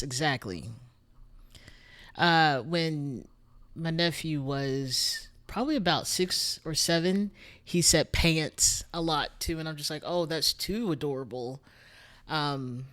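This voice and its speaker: This is casual livestream chat from a music streamer from Texas, who has a Texan accent and rambles to viewers at a desk mic in a home studio. The voice sits at medium pitch with a slightly bright quality.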